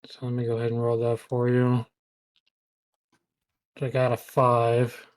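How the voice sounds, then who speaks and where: A player in a tabletop game stream, speaking in a slow, halting way. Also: medium pitch, completely flat delivery, no room sound. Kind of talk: casual tabletop game talk.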